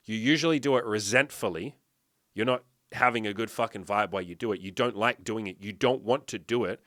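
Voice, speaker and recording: A man's voice: mid-range voice, a bit bright, no echo, studio quality. A man coaching his viewers on fitness and dating in a blunt, profane, emphatic way, often asking them rhetorical questions. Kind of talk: direct-to-camera motivational talk.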